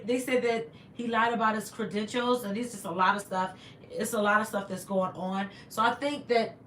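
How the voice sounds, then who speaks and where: Bright-voiced woman chatting on a livestream. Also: mid-range voice, slight background noise. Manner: effusive, thanks viewers over and over. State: slightly congested. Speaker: livestream host. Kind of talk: casual live chat reading viewer comments. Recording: echoey room.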